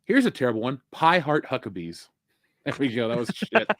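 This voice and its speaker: A man's voice: medium pitch, sing-song, a little fast, fairly bright tone, no room sound, studio quality. A man co-hosting a casual pop culture chat, joking around and riffing on terrible puns. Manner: jokey, riffs on bad puns. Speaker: podcast co-host.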